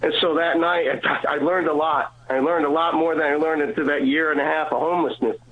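A man's voice: on the high side, fairly even intonation, fairly quick. Earnest man on a tinny phone line. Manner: earnest, repeats himself, restarts often. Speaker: guest sharing a faith testimony. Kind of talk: emotional personal storytelling.

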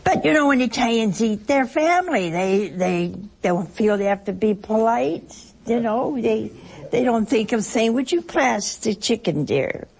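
A woman's voice: fairly high pitch, a little slow, gravelly, a little mellow, breathy edge. A woman giving a conversational sermon to her listeners, telling stories and often laughing as she talks. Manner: chatty storytelling, laughs through her anecdotes. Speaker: religious speaker addressing listeners.

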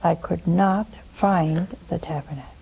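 A woman's voice: lowish voice, measured pace, creaky, mellow, a little hiss or hum, low-quality recording. A woman hosting a religious call-in show, preaching with emphasis, repeating her points and adding scornful asides. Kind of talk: religious preaching and answering callers.

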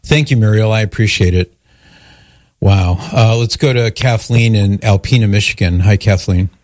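Low-voiced male radio host. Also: normal speed, a little mellow, dry recording. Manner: attentive, brief interjections. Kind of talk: call-in radio hosting.

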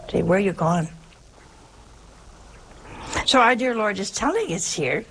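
A woman preaching in a relaxed, folksy way, mixing moral points with funny family anecdotes. Her mid-pitched voice has a noticeable gravelly fry. She often turns to the listeners with rhetorical questions, and a faint hiss sits under the recording. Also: low-quality recording. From Italian-American family. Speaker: religious teacher giving a talk. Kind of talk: sermon.

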